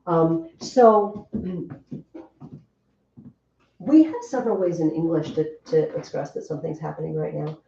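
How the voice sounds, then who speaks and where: A woman teaching a Latin class, chatty and lively, often asking the students questions. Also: low voice, measured pace, creaky, pauses often, slight background noise. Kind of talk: classroom lesson. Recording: distant, roomy, dull classroom recording.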